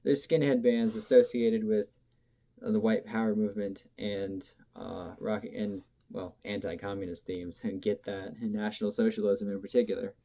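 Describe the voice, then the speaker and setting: A man's voice: lowish voice, little pitch movement, moderate pace, gravelly, warm tone, dull audio. A man giving a casual, rambling monologue as a music commentator, hesitant and full of ums, often correcting himself mid-sentence.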